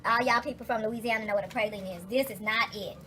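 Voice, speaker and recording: High, bright-voiced woman chatting animatedly. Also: quick pace, soft background music. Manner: profane, animated storytelling with lots of asides. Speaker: vlogger. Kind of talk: casual kitchen vlog chat. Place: home kitchen.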